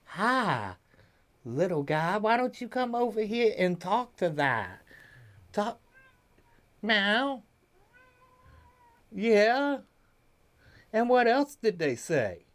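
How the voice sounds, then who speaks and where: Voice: mid-range voice, very animated, extremely slow, long pauses, a bit bright, dry recording. A speaker on a casual home audio test recording, rambling playfully and talking to a cat.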